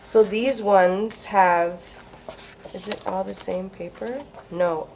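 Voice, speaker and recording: A woman vlogging about craft mail, gushing and excitable, with gasps, whispers and squeals. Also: lowish voice, takes it slowly, gravelly, slight background noise. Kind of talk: casual chat to camera.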